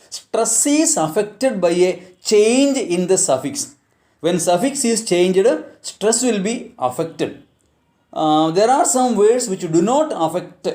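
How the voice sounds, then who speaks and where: An Indian English-speaking man teaches grammar in a high, lively voice that leaps up and down. He talks slowly and deliberately, exaggerating the stress on each example word. The sound is roomy and echoing. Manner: slow and deliberate, checks in with "Okay, na?". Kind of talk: recorded grammar lesson.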